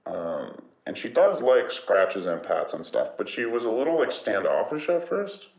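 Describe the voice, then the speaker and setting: A man rambling casually and jokingly in a relaxed monologue, swearing now and then. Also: fairly low pitch, normal speed, vocal fry. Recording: roomy echo.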